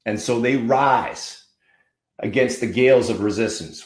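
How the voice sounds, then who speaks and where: A man's voice: mid-range voice, normal speed, reverberant. A man hosting a podcast, giving an emphatic, fired-up motivational monologue with punchy repetition. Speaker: podcast host.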